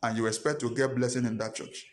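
A man's voice: medium pitch, steady tone, fast talker. A pastor preaching a sermon, emphatic and repetitive, with rhetorical questions to his congregation.

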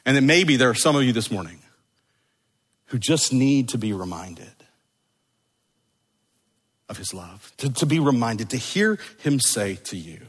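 A middle-aged man preaching a sermon to a church congregation, moving between urgent emphasis and hushed, slow repetition. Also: medium pitch, lively intonation, slightly rough. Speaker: pastor. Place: church sanctuary. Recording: long hall reverb.

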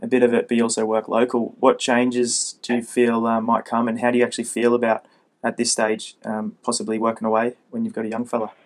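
Man, interview host, matey, filler-heavy, monotone. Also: mid-range voice, a little fast. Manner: friendly and matey, many fillers. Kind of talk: casual interview chat.

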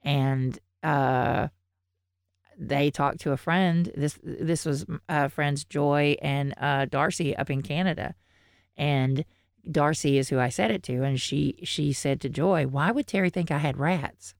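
A woman's voice: deep voice, fairly even intonation, slow pace, dry recording, studio quality. A woman with a Southern US accent co-hosting a podcast in casual, chatty talk, laughing often and swearing freely. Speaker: podcast co-host. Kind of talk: casual chat.

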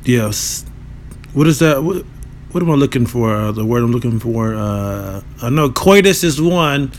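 A man's voice: mid-range voice, animated, measured pace, a little hiss or hum. A man in his thirties with a dry, nasal voice, hosting a casual solo podcast in a loose, profane, joking and rambling way. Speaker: podcast host.

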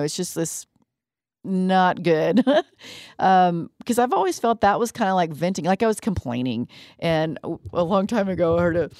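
A woman co-hosting a radio talk show, chatting casually with quick asides and laughs. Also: on the low side, creaky, a little mellow, dry recording, clean studio sound. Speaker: radio co-host. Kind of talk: casual chat.

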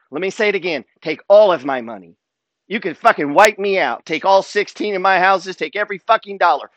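A man's voice: high-pitched, lively intonation, fairly quick, a bit bright, no room sound. A man giving a motivational monologue as a wealth and trading coach, emphatic and preacher-like, swearing freely.

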